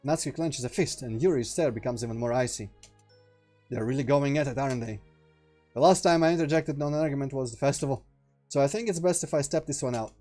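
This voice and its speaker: A man's voice: medium pitch, fast talker, dark tone, faint music behind. A young man streaming a visual novel, reading the narration aloud and muttering casual asides.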